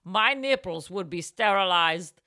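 A woman's voice: lowish voice, animated, measured pace, bright, forceful tone, no echo, studio quality. A woman voicing a pushy older Russian saleswoman with a heavy Russian accent and blunt, broken English. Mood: insistent.

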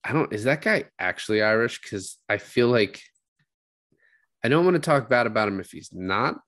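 A man's voice: mid-range voice, animated, normal speed, fairly bright tone, dry recording. A man co-hosting a casual film chat, rambling and swearing freely as he retells scenes. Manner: rambling, profane, acts out quotes. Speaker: podcast co-host discussing a film.

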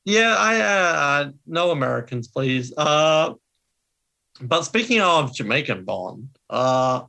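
A man's voice: fairly high pitch, very animated, takes it slowly, creaky, sharp tone. An Australian man co-hosting a podcast, chatting casually and ranting with strong opinions. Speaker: podcast co-host. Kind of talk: casual chat.

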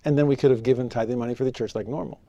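A man teaching a scripture lesson, telling personal stories with animation and slowing down to read verses solemnly. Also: no echo, highs cut off. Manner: expressive, rises in pitch for rhetorical questions.

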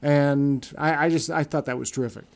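A man's voice: fairly high pitch, fairly even intonation, moderate pace, gravelly. A man hosting a podcast in casual chat, rambling with many fillers. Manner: rambling, heavy on "you know" fillers. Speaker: podcast host.

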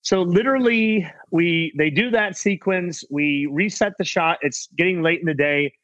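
A middle-aged man telling casual stories as a guest actor, rambling with many restarts and quick impressions of other people. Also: sits high, a bit bright, dry recording, lo-fi sound. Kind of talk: casual anecdotal storytelling.

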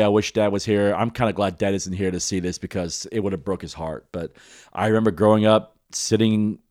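A man's voice: fairly low pitch, a little mellow, no room sound, clean studio sound. A man co-hosting a podcast, chatting casually, rambling and swearing now and then. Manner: rambling, swears casually, laughs at own jokes. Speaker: podcast co-host. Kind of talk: casual chat.

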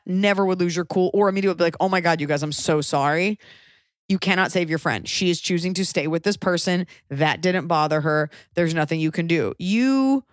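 Woman, 30s, advice co-host: blunt, emphatic, swears freely, mid-pitched, dry close mic. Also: no room sound. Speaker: podcast co-host giving advice. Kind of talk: casual advice chat.

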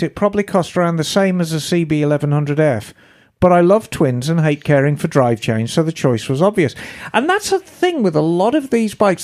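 A woman's voice: low-pitched, a little mellow. Chatty woman co-hosting a motorcycle podcast. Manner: chatty, easygoing, casual swearing. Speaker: podcast co-host. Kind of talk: casual chat, reading listener emails.

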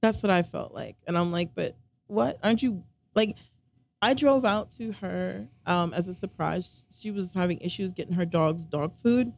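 Woman with a slightly lower voice, chatty and rambling, acts out the quotes as she tells a story. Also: normal speed, creaky. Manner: rambling, filler-heavy storytelling with frequent "like" and "um"; animated, quoting others mid-story. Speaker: storyteller recounting a relationship. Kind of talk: casual conversation.

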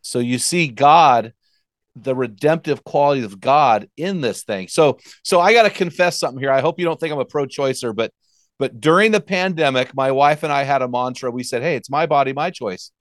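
A man's voice: medium pitch, normal speed, dry recording, clean studio sound. A middle-aged man hosting a talk show, chatting in a conversational, emphatic way. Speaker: host. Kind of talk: casual talk show chat.

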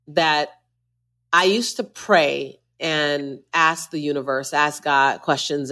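A woman's voice: low voice, a bit bright. A woman who is a motivational speaker, a guest on a podcast interview, talking with emphatic, preacher-like repetition.

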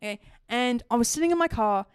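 A woman's voice: fairly high pitch, expressive, fast talker, smooth, dry recording, clean studio sound. A young woman telling a story in casual chat, laughing often and swearing. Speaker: podcast co-host.

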